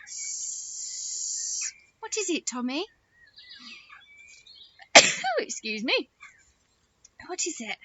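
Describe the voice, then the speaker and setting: A woman's voice: high-pitched, wildly swooping pitch, slow pace, long pauses, heavy background noise. A middle-aged woman teaching a phonics lesson to young children, coaxing them with sing-song questions and repeated rhymes.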